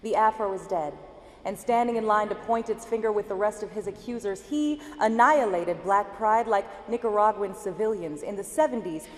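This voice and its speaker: A woman from Denver, a slam poet, performing spoken word with an expressive, emphatic delivery and chatting with the audience between poems. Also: medium pitch, moderate pace. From Denver, Colorado. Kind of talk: slam poetry reading with stage banter. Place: university event hall. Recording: echoey hall with faint ambience.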